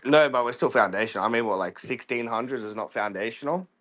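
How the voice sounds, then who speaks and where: A man's voice: mid-range voice, fast, a bit bright, slight background noise. A man calling in to a show, arguing his point insistently and reading out a quoted source. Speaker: caller. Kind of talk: debating caller.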